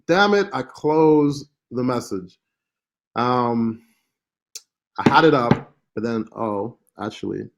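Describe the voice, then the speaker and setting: A man's voice: medium pitch, expressive, slow, vocal fry, long pauses, very noisy. A man hosting a live-stream marketing class, talking casually with many fillers and asides. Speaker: online marketing course host.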